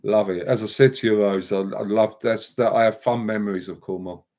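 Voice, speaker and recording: An English man hosts a live stream, ranting heatedly with repeated emphatic outbursts and words said again and again. His voice is lowish and darkish, his tone steady, and his pace brisk.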